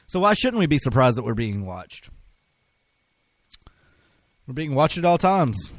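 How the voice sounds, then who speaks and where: A man's voice: a little high, big pitch swings, slow pace, long pauses, fairly bright tone, no echo. A man hosting a talk radio show, delivering an impassioned, emphatic monologue with frequent restarts. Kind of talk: conspiracy talk radio rant.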